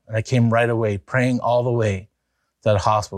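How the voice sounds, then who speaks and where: A man preaching an evangelistic sermon as pastor, telling a story in an earnest way that rises to excited emphasis. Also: medium pitch, fairly quick, no echo.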